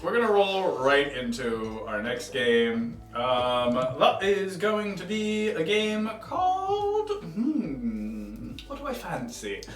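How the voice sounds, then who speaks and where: A man hosting a live improv comedy stream, playful and quick to laugh as he sets up games. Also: fairly high pitch, sing-song, recorded from a distance. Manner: playful, laughing, loose game host. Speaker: host. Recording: roomy sound from away from the mic.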